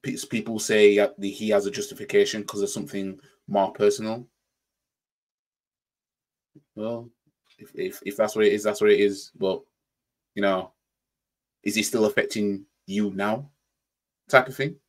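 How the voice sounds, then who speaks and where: A man with a Yorkshire accent gives casual commentary for his reaction channel. His voice sits on the low side, and he rambles, circling back over his words while he thinks. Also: steady tone, normal speed, long pauses.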